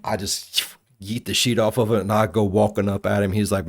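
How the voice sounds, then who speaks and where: A man hosting a reaction video, telling rambling, profane stories in a casual, animated way. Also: on the low side, a little fast, no echo. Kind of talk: casual storytelling commentary.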